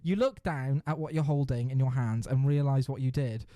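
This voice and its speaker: A man's voice: mid-range voice, moderate pace, hardly any pauses, dark tone, no echo, clean studio sound. A man hosting a casual podcast who reads a generated adventure story aloud, laughing and swearing freely as he goes. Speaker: podcast host.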